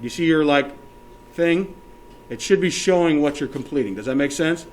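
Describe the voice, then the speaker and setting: A male teacher giving a classroom software lesson step by step, often checking that everyone is following and counting options aloud. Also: fairly high pitch, normal speed, a little hiss or hum.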